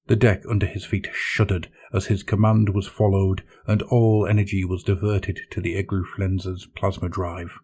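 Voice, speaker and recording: A man narrating dramatic science fiction in a measured storytelling manner. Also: deep voice, darkish tone, slightly rough.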